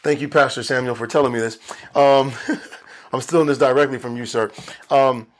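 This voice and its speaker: A man's voice: medium pitch, fairly even intonation, moderate pace. A man pastor teaching a Bible study for video, earnest and emphatic, repeating key phrases for stress.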